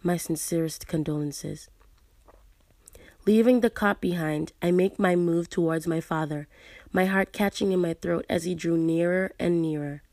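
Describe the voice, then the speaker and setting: Low-voiced woman reading a story aloud. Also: normal speed, dry recording. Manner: hushed, at times breathy narration. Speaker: reader and book reviewer. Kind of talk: reading a story aloud, then casual commentary.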